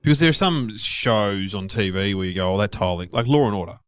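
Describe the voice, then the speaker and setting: A man's voice: on the low side, a little fast, smooth, no room sound. Australian man telling stories animatedly. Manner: storytelling, animated impressions of others. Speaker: podcast co-host, comedian. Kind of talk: casual chat.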